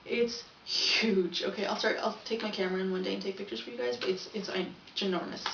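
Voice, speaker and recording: This young woman's mid-range voice is creaky and steady in tone, and she speaks fairly quickly. As a vlogger, she rambles chattily through a casual video diary and keeps correcting herself. She's far from the mic, so the audio is echoey, dull, and carries background noise.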